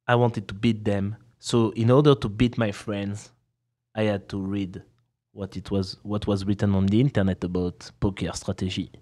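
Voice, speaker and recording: A man's voice: fairly low pitch, darkish tone. Laughing French man, easygoing chat. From France. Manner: laughs often, repeats words and restarts. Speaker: guest. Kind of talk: casual chat.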